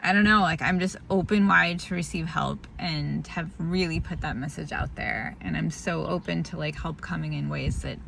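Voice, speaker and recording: A woman's voice: sits low, normal speed, vocal fry, few pauses, a bit bright, slight background noise. A tired woman talking candidly in a casual spoken diary, rambling and laughing through a hard family moment. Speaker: vlogger sharing a family update.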